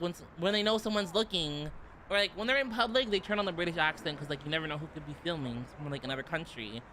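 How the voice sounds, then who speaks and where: Young male streamer, casual chat, bright tone, rambly and giggly, faint room noise. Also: high voice. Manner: rambling, giggly, heavy use of "like". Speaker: vtuber streamer.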